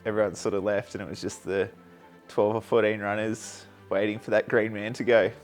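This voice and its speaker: An endurance runner speaking in short, clipped phrases in a casual interview. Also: male voice, lowish voice, little pitch movement, brisk, faint music behind.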